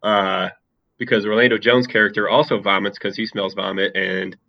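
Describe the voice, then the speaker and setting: A man's voice: on the low side, normal speed, vocal fry, muffled recording. A man chatting casually about a movie and his school football days, rambling a little with many fillers. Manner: relaxed and talkative, with many fillers. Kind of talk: casual chat.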